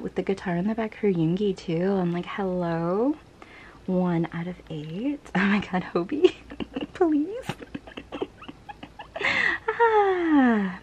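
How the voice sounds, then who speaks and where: A woman vlogger in casual unboxing chat, gushing and breathless, sometimes dropping to soft whispers between laughs. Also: fairly low pitch, expressive, slow pace, long pauses, dull audio, slight background noise.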